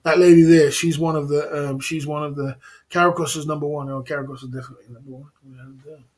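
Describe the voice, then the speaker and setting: A man hosts a casual livestream hangout from a home setup, his voice sitting a little high for a man. He talks in loose slang, laughs between phrases and loops back over the same lines. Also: fairly even intonation, fast talker, a little mellow. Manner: laid-back, chuckling, slangy, repeats himself. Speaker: livestream host.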